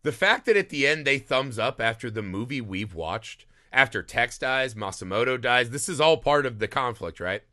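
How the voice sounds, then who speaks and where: A man co-hosting a casual movie podcast, ranting in an exasperated, animated way and acting out scenes. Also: medium pitch, normal speed, few pauses, no room sound, studio quality. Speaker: podcast host. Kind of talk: casual movie review chat.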